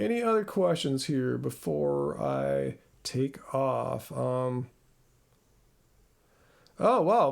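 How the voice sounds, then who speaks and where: A man's voice: on the high side, vocal fry. A man in his thirties hosting a casual live-stream Q&A, rambling and self-deprecating as he answers viewers. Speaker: host.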